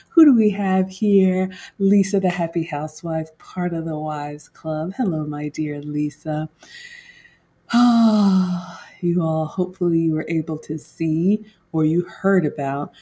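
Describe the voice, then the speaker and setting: A woman's voice: deep voice, mellow, slightly rough. A woman home cook vlogger in casual livestream chat, talking straight to her viewers and laughing often.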